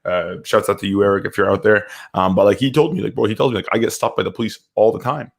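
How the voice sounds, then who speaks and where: A young man talks through his stories in a loose, candid way, circling back on himself as he goes. His voice sits a little low, and the feel is an easygoing podcast conversation. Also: steady tone, fast, creaky. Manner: candid, rambling storyteller. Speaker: podcast co-host. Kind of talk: casual podcast chat.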